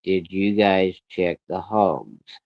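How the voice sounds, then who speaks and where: A stern, suspicious farmer father, gruff and blunt, quick to anger, put on by a man telling the story. His voice sits fairly low, and the recording is dry and dull. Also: no echo.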